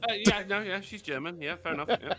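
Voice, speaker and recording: A man in casual podcast chat, excitable, joking and swearing a lot. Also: high-pitched, quick pace, faint music behind. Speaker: podcast co-host.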